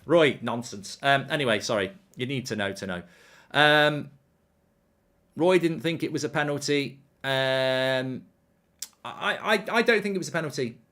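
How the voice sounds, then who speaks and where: A man's voice: medium pitch, animated, unhurried, pushed and bright. Man, football watchalong host, casual, rambling, frequent ums. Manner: chatty, rambling, lots of ums. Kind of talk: live football watchalong commentary.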